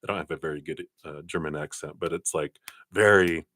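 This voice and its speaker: A man's voice: rumbling low, steady tone, a little fast, bright, forceful tone, no room sound, clean studio sound. A man giving a live-streamed tarot reading, chatty and laughing often, with lots of ums and you-knows. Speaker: tarot card reader.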